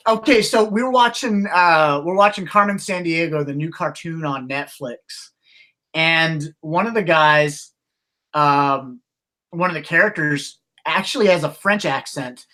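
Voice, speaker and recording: A podcast co-host chats in relaxed conversation, his slightly high voice bright and forceful. He tells stories in halting bursts with many restarted phrases, animatedly acting out the voices of the people involved.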